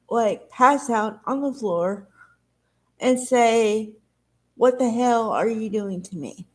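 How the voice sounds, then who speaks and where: A woman vlogger speaks to her viewers in a slightly high voice. She takes her time, drawing out words in a slow, unhurried way. Her talk is candid and rambling, like a confession. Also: darkish tone. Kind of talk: emotional casual talk to camera.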